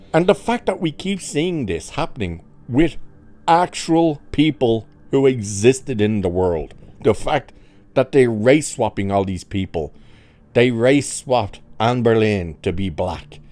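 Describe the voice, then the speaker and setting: A man's voice: medium pitch, darkish tone. A man hosting a commentary channel, ranting in a mocking, sarcastic, angry way.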